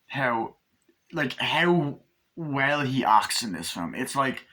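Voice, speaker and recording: Excitable, swearing man reviewing a film. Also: mid-range voice, takes it slowly. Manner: excited, profane, acts out scenes. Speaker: movie reviewer. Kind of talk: casual movie review.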